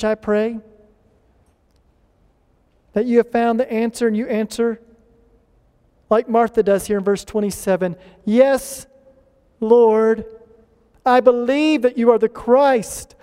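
A pastor preaching a sermon earnestly, rising in emphasis and slowing down to stress key lines. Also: male voice, extremely high pitch, dark tone, clear, resonant tone, in a large hall.

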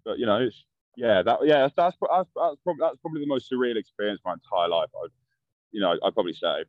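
A man's voice: mid-range voice, expressive, fast, dry recording. Blunt swearing guy, dull dry sound. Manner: blunt, swears a lot, acts out quotes. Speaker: guest. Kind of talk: casual storytelling.

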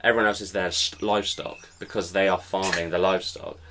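A man's voice: deep voice, steady tone, fairly quick, noisy background. A young man co-hosting a podcast, chatting casually and rambling through jokey tangents about football. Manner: rambling, jokey, thinking aloud. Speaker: podcast co-host.

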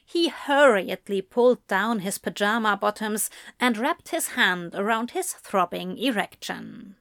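A woman narrating a romance story in a slow, steady, intimate reading. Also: medium pitch, gravelly, no room sound, studio quality. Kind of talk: audiobook fan fiction reading.

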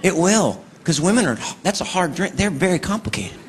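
A middle-aged man performing stand-up comedy on a stage, animated and slipping into put-on voices. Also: high-pitched, brisk, long reverb tail. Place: theater stage before a live audience. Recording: live show with loud crowd noise. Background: audience laughing.

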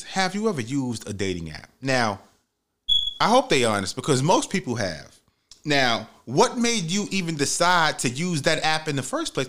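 A man hosting a solo podcast, telling stories in a profane, animated way and acting out the people he quotes. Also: medium pitch. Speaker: podcast host. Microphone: studio mic with headphones.

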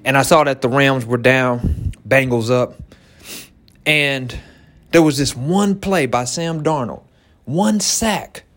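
With a mid-range voice and a slow pace, a man who owns a small business motivates a crowd of entrepreneurs, animatedly repeating key phrases and laughing a lot.

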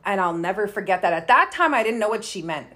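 A woman's voice: mid-range voice, expressive, quick pace, a bit bright. A woman from Canada, a guest telling personal stories in a candid, chatty way, full of likes and ums. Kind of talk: casual storytelling conversation.

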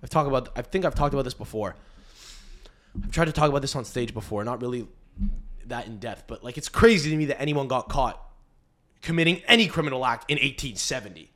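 Animated comedian riffing. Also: male voice, medium pitch, quick pace. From Canada. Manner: animated riffing with frequent restarts. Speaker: podcast host and comedian. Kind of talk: casual podcast monologue.

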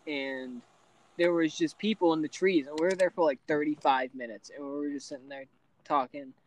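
A man's voice: a little high, fairly even intonation, normal speed, rough recording. A young man chatting casually with friends outdoors at night, rambling through a story and acting out the quotes. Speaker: podcast co-host. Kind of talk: casual chat among friends.

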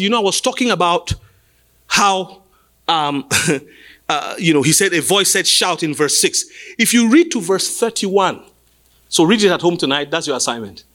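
Pastor, male, high and lively voice, sing-song preaching with shouts. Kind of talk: sermon. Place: church stage.

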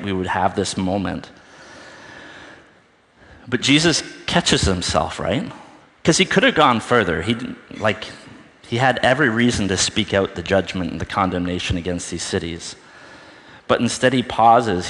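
A man's voice: lowish voice, a bit bright, in a large hall. A man giving an informal, conversational sermon, thinking aloud and often checking in with "right?". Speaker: preacher.

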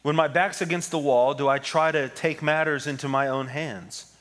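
A man's voice: fairly high pitch, fairly even intonation, a bit bright. Man preaching a conversational sermon. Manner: conversational preaching, reads scripture slowly with pauses. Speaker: pastor. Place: church sanctuary with congregation.

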